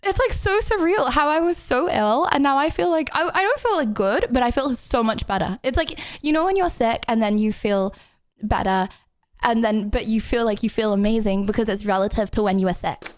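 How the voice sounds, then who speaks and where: High-voiced chatty woman streamer. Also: a little fast. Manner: chatty and giggly, many fillers. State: recovering from illness. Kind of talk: casual live-stream chat.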